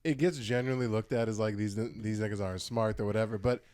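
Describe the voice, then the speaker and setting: A man's voice: fairly low pitch, quick pace, darkish tone, smooth. A man co-hosting a casual podcast who talks bluntly in crude slang. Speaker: podcast co-host.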